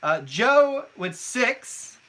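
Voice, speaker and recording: A man's voice: extremely high pitch, big pitch swings, drawn-out words, bright, forceful tone. A man co-hosting a live trivia night, reading out scores and teasing his co-host in a casual chat.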